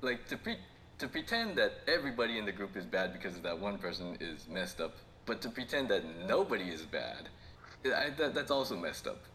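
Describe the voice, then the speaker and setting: A man on a casual podcast, talking in a rambling way and laughing as he tells stories. His voice sits fairly low but swings widely, with a bright, forceful edge. A faint hiss runs under the recording. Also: fairly quick. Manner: rambling, laughs often, animated when telling stories. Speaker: podcast co-host. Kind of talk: casual chat.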